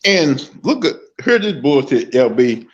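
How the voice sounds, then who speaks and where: A man's voice: medium pitch, sing-song, measured pace. Joking male co-host on dull audio. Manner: joking, mocking. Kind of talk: casual commentary chat.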